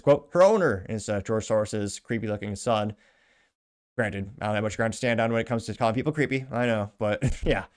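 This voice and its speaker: A man's voice: medium pitch, darkish tone. Wry male host reading comments. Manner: wry, offhand asides with chuckles. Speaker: show host.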